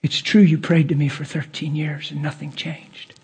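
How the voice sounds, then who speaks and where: Tender, hushed divine voice done by a male preacher, husky and lowered. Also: little pitch movement, normal speed, exaggerated voice. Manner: hushed, whispered and intimate. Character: God speaking gently, male, tender and firm.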